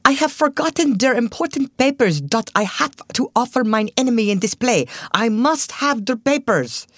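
A woman voicing an excitable male actor with a thick German accent. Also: extremely high pitch, moderate pace, no echo, studio quality, pitched above the performer's own voice, heavily acted. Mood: flustered.

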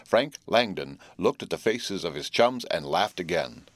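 A man narrating an audiobook in a measured storytelling manner. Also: sits low, lively intonation, no room sound.

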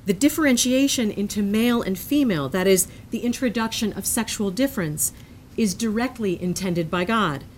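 A woman with a medium-pitched voice reads a prepared lecture in a measured, earnest way. Now and then she breaks off for self-amused asides, with a little hiss or hum on the recording.

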